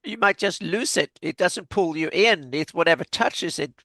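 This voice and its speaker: A man in a casual tabletop gaming chat, agreeable and quick to affirm. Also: high voice, fairly bright tone, no room sound, studio quality.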